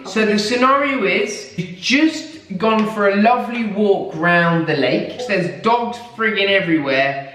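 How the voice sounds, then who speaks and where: A man's voice: high voice, a little slow, a bit bright, faint music behind. A young man from England hosting a casual comedic chat, teasing and full of banter. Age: young adult. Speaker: host. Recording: echoey room from a distance.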